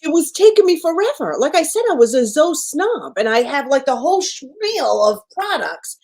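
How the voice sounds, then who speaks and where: A woman hosting a relaxed conversation, with a high voice that rises and falls freely. She is expressive and eager, chiming in often with agreement and her own stories. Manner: expressive, chatty, quick agreeing. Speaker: host. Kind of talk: casual chat.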